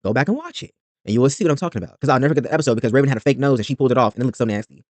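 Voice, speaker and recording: A man's voice: mid-range voice, expressive, racing, darkish tone, no room sound. A man hosting a reaction video, recapping a reality show in a rambling, blunt and profane way.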